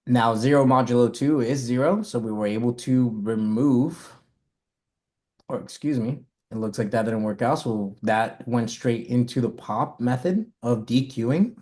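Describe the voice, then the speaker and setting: A man's voice: mid-range voice, a little slow, a little mellow. A man teaching a live coding lesson, talking through his code step by step and correcting himself as he goes. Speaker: coding instructor.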